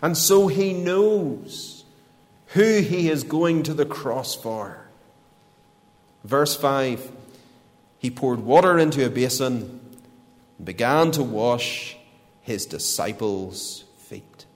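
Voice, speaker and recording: A man preaching a sermon, deliberate and emphatic, with a lot of repetition. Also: mid-range voice. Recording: long reverb of a large hall.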